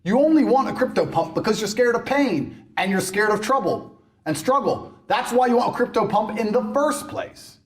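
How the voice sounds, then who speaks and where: A man in a heated interview, ranting in a brash, mocking way, swinging between loud outbursts and low mutters. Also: lively intonation, moderate pace. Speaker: interview guest. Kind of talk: heated rant.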